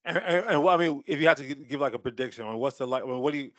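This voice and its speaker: A man's voice: medium pitch, very fast, a bit bright. A man co-hosting a podcast, chatting casually and agreeing along with his friend. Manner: laid-back, agreeable, chuckling along. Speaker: podcast co-host. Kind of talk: casual sports chat.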